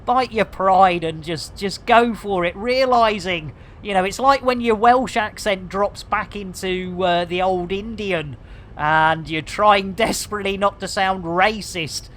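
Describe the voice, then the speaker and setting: An English woman is live-streaming a game, chatting with her viewers and reading their messages aloud in cheeky, sweary banter full of rhyming slang. Her voice sits at a medium pitch, a bit bright, and she takes her time. It's casual live-stream commentary.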